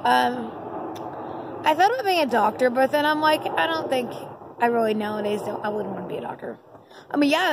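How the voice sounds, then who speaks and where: A woman's voice: a little high, background noise. A woman talking casually to her phone at night, rambling and giggling with lots of fillers. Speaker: vlogger. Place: indoors at night.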